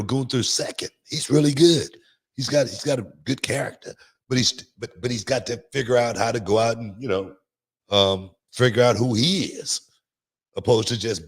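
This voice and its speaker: A middle-aged man, a former wrestler co-hosting a podcast, talking casually in a halting way with many "you know"s. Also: medium pitch. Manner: relaxed, halting, heavy use of "you know". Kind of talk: casual chat.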